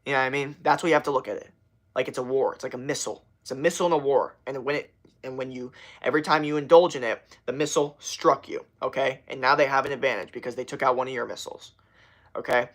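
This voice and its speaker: A man's voice: medium pitch, steady tone, fast talker, a bit bright. A young man hosting a livestream, chatting casually in a rambling, profane way with many restarts. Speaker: livestream host.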